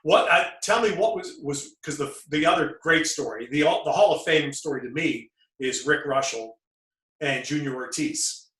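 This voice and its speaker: A man with a fairly high, bright voice hosts a sports talk conversation, jumping eagerly into his own stories. He laughs readily and keeps an animated tone. His voice rings with the echo of the room. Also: moderate pace. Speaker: sports broadcaster host. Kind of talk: conversational storytelling in a talk show. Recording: echoey room.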